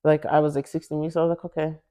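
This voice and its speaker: A woman with a somewhat low voice tells a personal story to an interviewer. She is animated, leaning into each quoted line and laughing between them. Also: quick pace. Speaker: interview guest.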